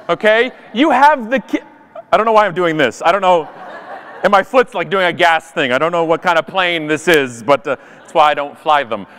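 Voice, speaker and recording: A man giving an animated, self-deprecating comic talk at a conference. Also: high-pitched, big-room sound. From Canada. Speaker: conference speaker. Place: conference stage.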